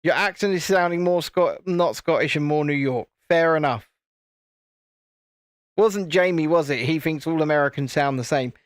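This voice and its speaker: Chatty British man, slightly high voice. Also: normal speed, dry recording, clean studio sound. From United Kingdom. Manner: rambling, chatty, frequent restarts. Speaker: live-stream host. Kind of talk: casual live-stream chat while building.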